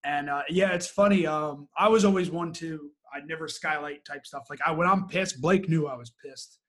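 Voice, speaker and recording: A man's voice: fairly high pitch, normal speed, fairly bright tone. A man, a guest and former Marine, speaking frankly in a casual interview and quoting people as he tells his story. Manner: frank, plain-spoken, quotes others in his story.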